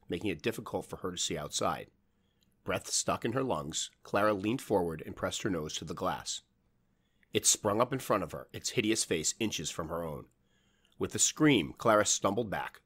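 A man narrating a horror story in a measured, dramatic storytelling manner. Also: sits low, fairly bright tone, husky.

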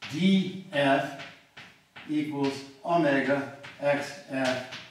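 Math prof man lecturing, keeps saying okay?, far from the mic in a big boomy hall. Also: extremely slow. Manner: thinking aloud, frequent restarts and checks with "okay?". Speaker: mathematics professor. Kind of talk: university lecture. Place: large echoey lecture room. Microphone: distant room mic. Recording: very echoey hall, voice from far off, faint noise.

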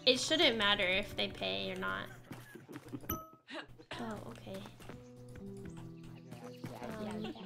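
A woman's voice: medium pitch, takes it slowly, vocal fry, long pauses, loud music behind the voice. A woman streamer chatting casually over a simulation game, laughing often and exclaiming at what happens. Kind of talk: casual gameplay commentary.

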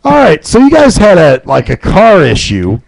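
A man's voice: high-pitched, wildly swooping pitch, moderate pace, vocal fry, no room sound, rough recording. A man hosting a radio talk show, crude and profane in casual chat. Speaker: host.

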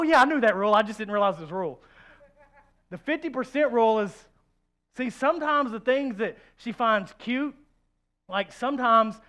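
A man preaching a sermon, animated and joking, swinging from hushed asides to loud outbursts and acting out quoted voices. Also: sits high. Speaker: pastor.

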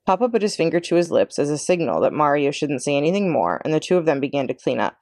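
Lively low-voiced woman reading a story. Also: fast, no echo, studio quality. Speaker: children's librarian. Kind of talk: read-aloud storybook narration.

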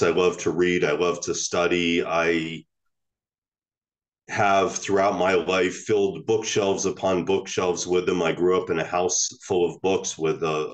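A male Zen teacher gives a reflective dharma talk. His voice is low and unhurried, and he often stops and restarts his phrases as he thinks them through.

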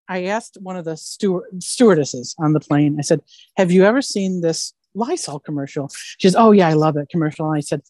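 Lively woman actress telling stories. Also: fairly low pitch, no room sound. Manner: animated storyteller, keeps asking "right?". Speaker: voice actress guest. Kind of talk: casual anecdotal interview.

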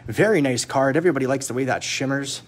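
A man's voice: medium pitch, fast talker. A man hosting a hockey card break live, chatting casually and joking with viewers as he rattles off cards. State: jittery from too much caffeine. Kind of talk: casual live-stream chat.

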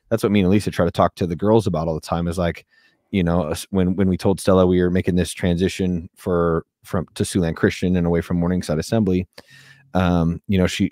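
Male co-host, very deep voice, halting delivery, dry close mic. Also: darkish tone, no echo. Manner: searching for words, many ums and restarts. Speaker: podcast co-host. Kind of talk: casual podcast chat.

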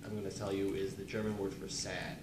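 Young man, low voice, halting casual teacher, distant and roomy with noise. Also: flat delivery. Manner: halting, lots of ums, quick bursts. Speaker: student presenter. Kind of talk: casual instruction. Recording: echoey room, distant mic, noise.

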